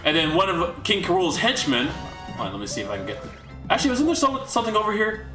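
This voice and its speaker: A young livestream host chats loosely with his viewers in a rambling recap, full of restarts and incredulous asides. His high, bright voice swings widely in pitch and he talks fast. It sounds recorded in an echoey room with faint music underneath.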